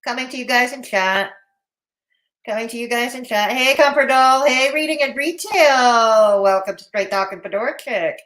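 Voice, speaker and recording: A woman's voice: on the high side, moderate pace, fairly bright tone. A woman hosting a live commentary stream, blunt and mocking in tone, with a Canadian accent. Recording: roomy echo.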